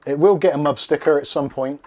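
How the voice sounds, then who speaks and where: A man's voice: fairly high pitch, brisk, a little mellow. A man from England hosting a casual unboxing video, rambling and joking while he chats with his household and his viewers. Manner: rambling, jokey, talks to pets and chat. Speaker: tech video host.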